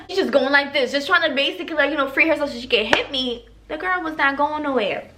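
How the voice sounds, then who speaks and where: A young woman vlogger telling a story in casual slang, animated and swearing freely to her viewers. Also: high-pitched, fast, very noisy. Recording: faint background music.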